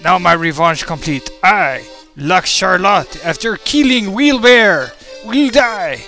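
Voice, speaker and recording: A vengeful French-accented spider. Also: male voice, high-pitched, lively intonation, takes it slowly, vocal fry, pushed and bright, faint music behind, exaggerated voice. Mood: triumphant. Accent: mock French. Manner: melodramatic, villainous, theatrical. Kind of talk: comedic monologue.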